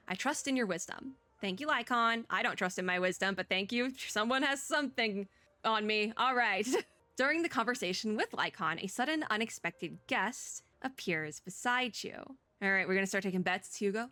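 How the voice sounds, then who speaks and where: A woman's voice: medium pitch, animated, moderate pace, pushed and bright, no echo. A young woman streamer chatting and joking while reading game dialogue aloud in a let's play. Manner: chatty, joking, laughs often. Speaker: VTuber streamer.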